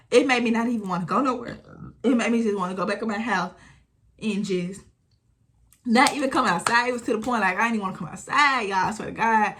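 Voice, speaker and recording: Young woman, 20s, casual storytime vlogger, animated and blunt. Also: medium pitch, fast. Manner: animated retelling, acting out quotes, frequent swearing.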